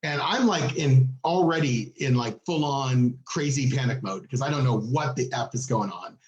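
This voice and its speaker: A man co-hosting a podcast tells a story in casual chat at a normal speed, animatedly acting out the people in it with big jumps in pitch. The recording is muffled and the room sounds echoey.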